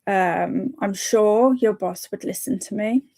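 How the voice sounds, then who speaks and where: A woman's voice: medium pitch, takes it slowly, warm tone. A woman hosting a reading livestream, chatting casually, reading viewer comments aloud and encouraging them with frequent small laughs. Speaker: livestream host of reading sprints.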